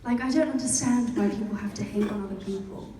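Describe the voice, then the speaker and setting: A woman's voice: mid-range voice, fast, very noisy. Young British woman, chatty panel guest with frequent laughs; recorded from far off in an echoey convention hall. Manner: chatty, laughs often, many fillers. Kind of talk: answering fan questions.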